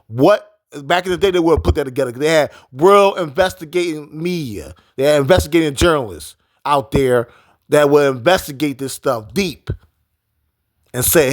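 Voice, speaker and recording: Male sports commentator, fairly high voice, repetitive and emphatic rant, dry close sound. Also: lively intonation, normal speed, no room sound. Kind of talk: casual sports opinion rant.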